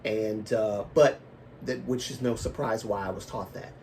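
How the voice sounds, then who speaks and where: A man's voice: lowish voice, steady tone, unhurried, darkish tone, far from the mic, a little hiss or hum. A man hosting a casual livestream, talking in a rambling, self-correcting way and laughing at his own remarks, with a lingering cough. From American South and Baltimore. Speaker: livestream host. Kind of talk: casual live-stream chat.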